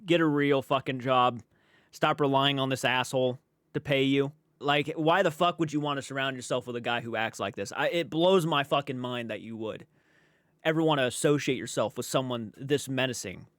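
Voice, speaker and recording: A man's voice: mid-range voice, a little fast, a bit bright, no room sound, studio quality. A man giving casual, blunt reaction commentary, exasperated and swearing freely.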